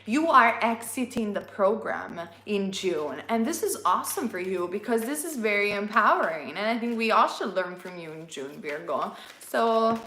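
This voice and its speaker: Expressive woman, reading tarot casually; sharp bright tone, roomy echo. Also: medium pitch, normal speed, hardly any pauses, a little hiss or hum. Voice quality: non-native English. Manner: chatty and expressive, playful asides. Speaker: tarot reader.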